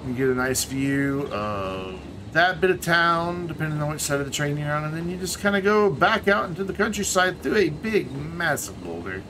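A man streaming himself playing a city-building game, talking casually in a relaxed, rambling way and trailing off into muttered asides. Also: on the high side, moderate pace, few pauses, background noise.

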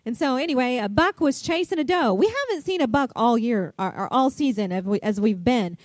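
A middle-aged woman pastor, preaching a sermon and telling a chatty, animated story full of fillers. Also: fairly high pitch, brisk, dry recording.

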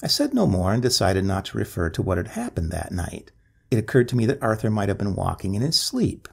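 A man's voice: on the low side, very animated, a little fast, vocal fry, husky. A man reading a ghost story aloud as scripted narration, with a dramatic, swooping delivery.

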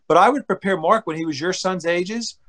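A middle-aged man with a notably high speaking voice tells stories from his baseball days. He is blunt and plain-spoken, acting out what people said with sudden loud bursts. It is a casual podcast interview. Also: a little fast. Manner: animated, acts out quotes with loud outbursts. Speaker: former pro baseball pitcher, guest.

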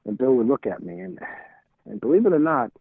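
A man's voice: mid-range voice, lively intonation, fairly quick, slightly rough, no room sound. A man, telling stories as a podcast guest, rambling and restarting phrases as he acts out old conversations. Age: 60s. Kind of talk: casual storytelling interview. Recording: tinny phone-like line, dry.

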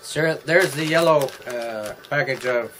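A man casually reviewing beer and snacks in a home vlog, rambling and halting, chewing as he talks. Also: mid-range voice, fairly bright tone, slight background noise, low-quality recording. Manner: rambling, halting, chatty with himself. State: eating while talking.

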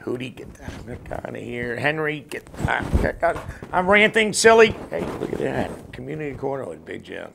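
A man hosting a comedy rant show, telling jokes with a loud, punchy delivery. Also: mid-range voice, big pitch swings, moderate pace, creaky, noisy background.

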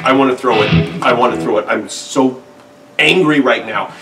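A man's voice: mid-range voice, normal speed, recorded from a distance. A man hosting a guitar channel, complaining in a satirical mock-outraged rant to the camera. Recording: roomy sound from off-mic.

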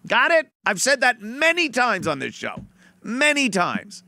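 A man hosts a podcast with sarcasm and a lot of swearing, slipping into mocking impressions. His voice is high for a man and gravelly, and it swings all over. The sound is dry and close. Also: huge pitch swings, measured pace, sharp tone, no echo. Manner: sarcastic, profane, mimics people in a put-on voice. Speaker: podcast host. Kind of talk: mocking commentary on played clips.

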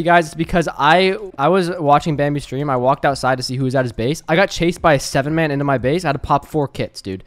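A young man hosting a gaming video, giving excitable live commentary and raging at other players. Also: on the high side, no room sound. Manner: excitable, quick to rage and yell.

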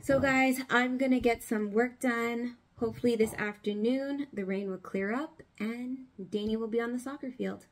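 A woman's voice: fairly high pitch, fairly even intonation, normal speed, few pauses. A woman, a family vlogger and mother, chatting casually to the camera and her kids, often saying "like" and "guys.".

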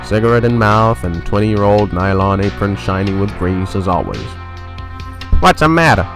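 A man telling a short spoken story in a wry, deadpan, self-mocking way. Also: sits low, normal speed. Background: soft guitar music.

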